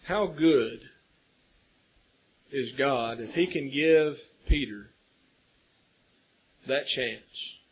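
A man's voice: mid-range voice, very slow, pauses often, breathy edge, poor audio. A man preaching a sermon, earnest and building to emphatic peaks.

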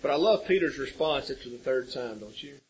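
Husky, earnest preacher man. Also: medium pitch, lively intonation, fairly quick, low-quality recording. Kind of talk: sermon.

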